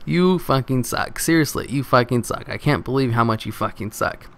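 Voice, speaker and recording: A man playing an enraged young male online gamer who shouts the same curses over and over. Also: mid-range voice, normal speed, close to an everyday voice. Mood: angry. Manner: shouting, repetitive swearing.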